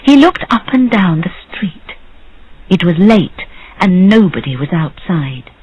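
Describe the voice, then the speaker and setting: Woman storyteller for learners of English, slow and breathy. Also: no echo, lo-fi sound. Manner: slow, clear, simple sentences with lively pitch. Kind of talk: scripted story narration.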